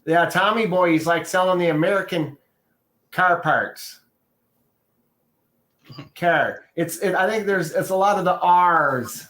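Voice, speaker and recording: A man's voice: high-pitched, unhurried, pauses often, fairly bright tone, roomy sound, low-quality recording. A man chatting casually on a livestream from his garage into a phone, rambling and thinking aloud with easy chuckles. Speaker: livestream co-host. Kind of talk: casual chat. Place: garage, indoors.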